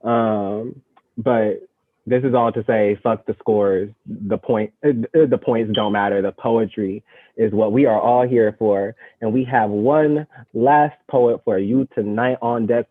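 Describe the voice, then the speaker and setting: A man hosts a poetry slam remotely, drawing out his words slowly in loose, slangy banter peppered with curses and laughter. His voice comes through tinny and phone-like, with a dry, close sound. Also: medium pitch, no echo. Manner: slangy, profane, laughing, unhurried. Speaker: slam host. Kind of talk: casual hosting banter. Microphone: remote video call.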